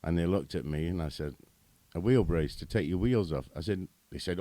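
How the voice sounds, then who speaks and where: A man's voice: low voice, brisk, mellow, no echo. A man with a British accent, a podcast guest telling chatty anecdotes and laughing at his own stories. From Britain. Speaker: guest, runs animal bylaw service. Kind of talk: casual podcast chat.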